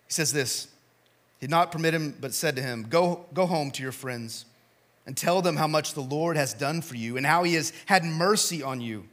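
Male pastor, bright and somewhat high-pitched, preaching with animated, dynamic delivery. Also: brisk. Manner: animated storytelling, swinging from shouts to quiet appeals. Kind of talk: sermon.

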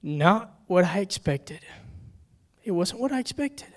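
A man's voice: high voice, expressive, measured pace. Middle-aged man preaching with personal stories. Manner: personal storytelling, swinging from hushed to loud and urgent. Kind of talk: sermon.

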